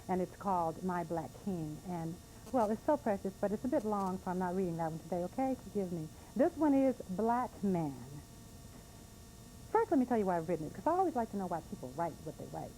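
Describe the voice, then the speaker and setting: Earnest woman poet, mellow voice. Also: fairly low pitch, slight background noise, rough recording. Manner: earnest, emotional, with slow drawn-out lines. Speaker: poet and speaker. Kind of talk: poetry reading and storytelling to an audience.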